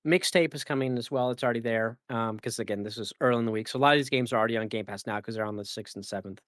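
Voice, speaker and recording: A man's voice: medium pitch, very fast, fairly bright tone, no room sound, studio quality. A man hosting a casual gaming podcast, rambling with lots of fillers and restarts. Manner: rambling, filler-heavy and self-correcting. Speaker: podcast host.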